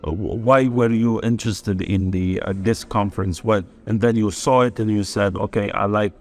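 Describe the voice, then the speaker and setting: A man hosting a podcast, asking questions in a halting way, searching for words. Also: lowish voice, darkish tone. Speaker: podcast host, English teacher. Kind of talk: interviewing.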